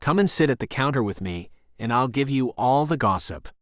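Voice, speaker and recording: A man's voice: medium pitch, expressive, brisk, no room sound, studio quality, close to an everyday voice. A man doing a chatty English waitress. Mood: friendly. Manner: breezy, chatty, warm.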